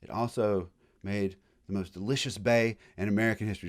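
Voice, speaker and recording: Man, history lecturer, casual classroom talk, lowish pitch, jokey. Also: steady tone, brisk. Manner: casual, jokey, acts out voices of historical groups.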